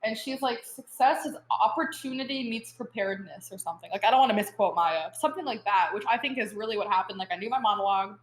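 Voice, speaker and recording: A young woman talks as a podcast guest, with an easy, chatty flow that runs on filler words. Her voice sits at a middle pitch. The sound carries a noticeable room echo. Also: fast, few pauses. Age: young adult. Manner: chatty, full of "like" fillers, animated storytelling. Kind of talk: casual podcast interview. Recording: roomy echo.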